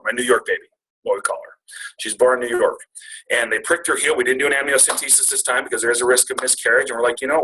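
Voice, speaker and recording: A man in his twenties tells a personal story to a retreat audience. His voice is bright and forceful, sitting at an ordinary middle pitch. He rambles, restarts and cracks self-deprecating jokes along the way. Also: slight background noise, rough recording. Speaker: speaker at a retreat.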